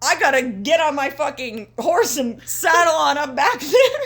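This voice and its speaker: A woman putting on a slow, hammy cowboy drawl for a folksy male wrestler. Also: sits high, lively intonation, a bit bright, pitched above the performer's own voice, exaggerated voice.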